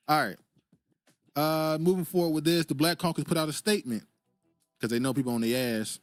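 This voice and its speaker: A man's voice: a little high, steady tone, fast talker, no echo, faint music behind. Laid-back man reading live chat. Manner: laid-back, laughs often, reads viewer comments aloud. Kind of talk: casual political commentary.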